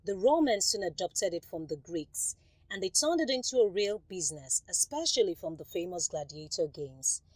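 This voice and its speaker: A woman giving scripted documentary narration in a lively storytelling way. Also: lowish voice, normal speed, no room sound.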